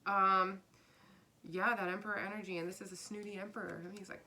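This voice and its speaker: A woman's voice: fairly low pitch, fairly even intonation, brisk, sharp tone. A woman giving a casual spiritual tarot reading, earnest and repeating her phrases, sometimes dropping to a whisper. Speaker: tarot reader.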